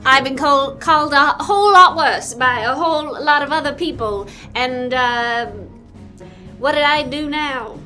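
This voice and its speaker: A woman's voice: high-pitched, measured pace, hardly any pauses, bright, forceful tone, faint music behind. A woman playing a vain old-Hollywood starlet in improvised comedy, with a theatrical transatlantic drawl. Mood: haughty. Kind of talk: improvised comedy role-play.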